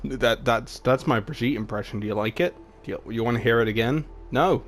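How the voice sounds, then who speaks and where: A man's voice: mid-range voice, a little fast. A young man reading his own comedic fan fiction aloud, with crude, swearing, self-mocking asides. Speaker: fan-fiction writer and reader.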